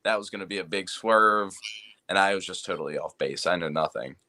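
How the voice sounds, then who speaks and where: A man guesting on a podcast, playful and excitable, laughing often as he talks. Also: low-pitched, fairly quick. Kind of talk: casual interview chat.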